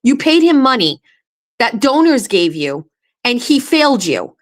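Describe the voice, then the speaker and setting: A woman host on her own show, ranting with heated, profane anger at a political campaign. Her voice sits a little higher than most women's. She talks from a home setup. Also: big pitch swings, unhurried.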